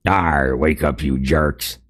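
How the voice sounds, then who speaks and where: A man's voice: a bass voice, slow pace, fairly bright tone, exaggerated voice. A man voicing a harsh, brutish male narc soldier who snarls and growls in a pirate manner. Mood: snarling.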